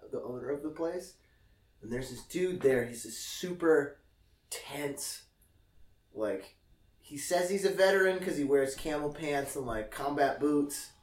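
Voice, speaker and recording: A man telling a story in casual chat, acting out the people in it. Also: medium pitch. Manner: animated, mimics people in his stories. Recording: roomy, distant mic, faint noise.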